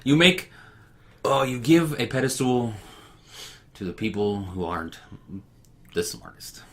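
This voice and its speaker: A man's voice: mid-range voice, big pitch swings, a little slow, fairly bright tone. A man co-hosting a podcast in casual chat, blunt, sarcastic and outspoken with his opinions. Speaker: podcast co-host.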